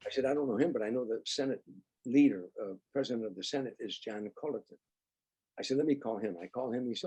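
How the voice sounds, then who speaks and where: An older man, a comedian guest, telling lively anecdotes in an interview and acting out the dialogue. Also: mid-range voice, quick pace, slightly rough. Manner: animated anecdotes, acts out quoted dialogue. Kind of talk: storytelling interview.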